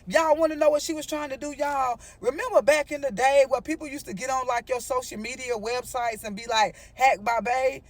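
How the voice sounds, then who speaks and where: A woman telling a story to her viewers in a casual, animated vlog, with frequent asides to them. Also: high voice, brisk, hardly any pauses. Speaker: storyteller vlogger.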